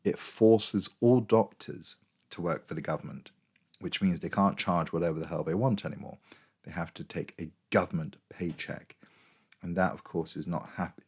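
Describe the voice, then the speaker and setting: A man talks through a revision lesson in a very deep voice. His speech is chatty and full of quoted asides, and his voice is going hoarse. The recording sounds a little dull and muffled. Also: a little mellow. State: losing his voice. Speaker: history teacher.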